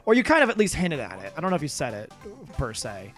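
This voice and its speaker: Fast and fairly bright, this man's fairly high voice makes huge leaps in pitch. He streams a video game live, chatting with viewers in a rambling, self-mocking style and swearing here and there, with faint game music behind him.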